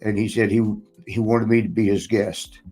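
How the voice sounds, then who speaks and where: A man's voice: fairly low pitch, steady tone, moderate pace, darkish tone, soft background music, rough recording. Rambling, cussing man telling stories. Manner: rambling, swears and laughs often. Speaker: podcast host and former wrestler. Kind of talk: casual storytelling chat.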